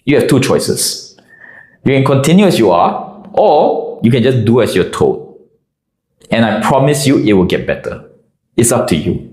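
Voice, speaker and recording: A man voicing a calm, firm male army camp clerk who speaks in a steady, commanding way. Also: mid-range voice, normal speed, pauses often, reverberant, poor audio.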